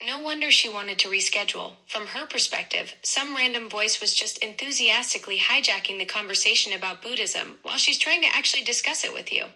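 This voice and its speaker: A woman's voice: a little high, fairly quick, few pauses, bright, forceful tone, poor audio. A synthetic woman's voice of a chatty voice assistant, upbeat and effusive in her replies.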